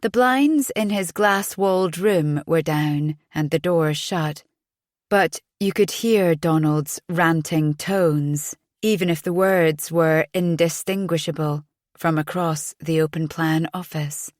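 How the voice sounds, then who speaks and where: Slow, measured woman narrating a thriller. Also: sits low, no echo, studio quality. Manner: measured storytelling, voicing each character in dialogue. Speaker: audiobook narrator.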